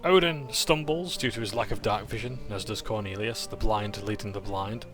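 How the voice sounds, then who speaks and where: Low, bright-toned man recapping a game session. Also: normal speed, faint music behind. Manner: casual, with frequent "uh" and self-corrections. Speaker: player recapping a tabletop session. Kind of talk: recap narration of a tabletop game.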